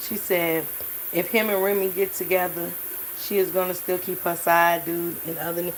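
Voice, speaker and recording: A woman's voice: fairly low pitch, flat delivery, moderate pace, a little hiss or hum. A woman hosting a livestream, reading chat and joking loosely with plenty of swearing. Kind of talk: casual chat. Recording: echoey room, mic at a distance.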